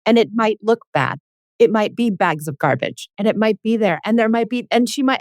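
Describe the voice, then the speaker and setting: A woman parenting coach and podcast host talks earnestly and directly in a coaching conversation, acting out little scenes with children. Her medium-pitched voice moves fairly quickly, and the recording is studio quality with no room sound.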